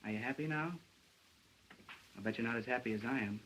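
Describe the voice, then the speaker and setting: An actor playing a brash, wisecracking young male newspaper reporter in a 1930s film, talking fast and cocky. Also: medium pitch, fairly bright tone, a little hiss or hum, close to an everyday voice, rough recording. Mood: coaxing.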